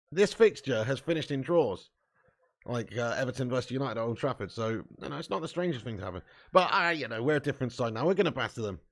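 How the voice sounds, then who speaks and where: A man hosting a live football watch-along, commenting on play, cheering loudly and chatting casually with viewers. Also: medium pitch, creaky. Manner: excitable, bursts into loud cheering, swears freely, chats to viewers. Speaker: fan watch-along host.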